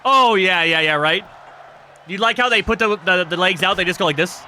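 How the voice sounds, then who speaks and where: A man hosting a live stream, chatting casually and excitably with viewers, joking and swearing freely. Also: high-pitched, moderate pace, slight background noise. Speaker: streamer hosting a wrestling show.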